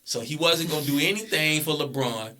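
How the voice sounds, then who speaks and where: Young male co-host, bright voice, steady, reasoned sports talk. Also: on the high side, a little fast, a little hiss or hum. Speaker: podcast co-host. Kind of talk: casual sports debate.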